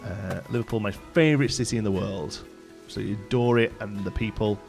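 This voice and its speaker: This Staffordshire man streams a game live, chatting and rambling as he answers and reads out chat, with many fillers and restarts. He talks briskly in a fairly low, creaky, darkish voice over soft background music.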